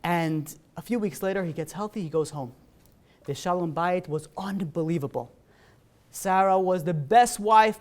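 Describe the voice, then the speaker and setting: Male rabbi, lively sermon storyteller, acts out the dialogue. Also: high voice, moderate pace. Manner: animated, acts out dialogue, many fillers.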